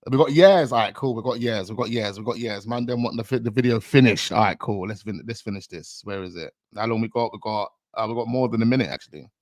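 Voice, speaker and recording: A man hosting a casual reaction show, excitable and full of street slang. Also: on the low side, fast, hardly any pauses, dry recording, clean studio sound. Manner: excitable, heavy street slang, breaks into laughter. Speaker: host reacting to a rap video.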